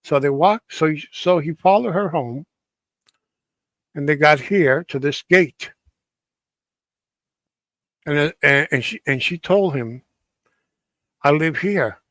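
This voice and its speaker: A man casually telling a ghost story on a stream, halting often and restarting his sentences. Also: on the high side, fairly bright tone, dry recording. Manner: halting, many restarts and fillers.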